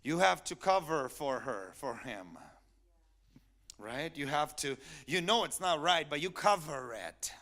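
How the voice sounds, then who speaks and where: A male pastor preaching a sermon, swinging from quiet asides to loud, emphatic peaks. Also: on the high side, expressive, measured pace.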